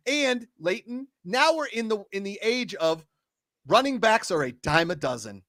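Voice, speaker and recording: A man's voice: sits high, big pitch swings, normal speed, fairly bright tone, no room sound, clean studio sound. A man co-hosting a sports talk show, ranting animatedly and swearing now and then. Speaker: podcast co-host. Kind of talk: casual sports chat.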